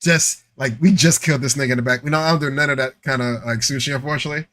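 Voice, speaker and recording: Animated, bright-voiced joking man. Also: medium pitch, very fast. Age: 40s. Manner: animated, joking, laughing storyteller. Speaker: podcast co-host. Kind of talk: casual live podcast chat.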